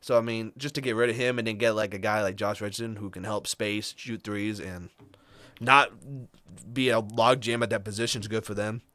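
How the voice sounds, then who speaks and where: A man co-hosting a podcast, walking through the trades in a casual chat with fillers and quick asides. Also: lowish voice, steady tone, bright, forceful tone, no echo. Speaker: podcast co-host.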